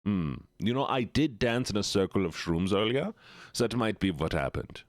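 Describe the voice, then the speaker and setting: Male streamer, deep voice with a bouncy, swooping delivery, teasing and chatty, close dry sound. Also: lively intonation, moderate pace, dry recording. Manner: playful, teasing, talks straight to chat. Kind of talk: casual live-stream chat.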